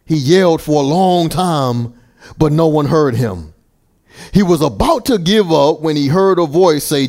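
A man delivering a sermon in a fairly high voice. He preaches slowly and deliberately, leaning on key words. Now and then he stammers and restarts. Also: darkish tone.

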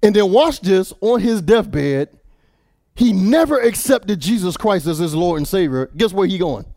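Male preacher, impassioned sermon, high voice, hushed to shouting, dry close sound. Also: animated, measured pace, dry recording. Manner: impassioned, repeats words, swings from hushed to shouting.

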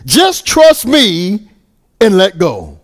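A calm and patient God speaks from above in a gentle, slightly raised voice, as a preacher acts out the story. He reassures and instructs slowly and without any hurry. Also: sits high, voice pushed up, full character voice.

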